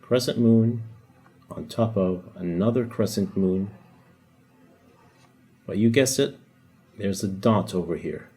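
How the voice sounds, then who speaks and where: A man's voice: on the low side, slow, pauses often, mellow, husky, soft background music. A man teaching a language lesson, explaining patiently, demonstrating sounds and joking lightly. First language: Arabic. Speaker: Arabic teacher. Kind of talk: casual whiteboard lesson.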